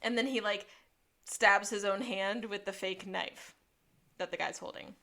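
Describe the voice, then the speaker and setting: Woman co-host for a casual recap podcast, lively storyteller who drops into quotes. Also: mid-range voice, measured pace. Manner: lively retelling, slipping into quoted voices. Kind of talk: casual episode recap chat.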